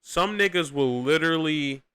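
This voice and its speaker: Young dude rambling over clips, lots of slang and cussing, super bright clear voice. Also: male voice, fairly high pitch, normal speed. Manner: slangy, profane, rambling with frequent restarts. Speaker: podcast host reacting to clips. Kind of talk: casual reaction commentary.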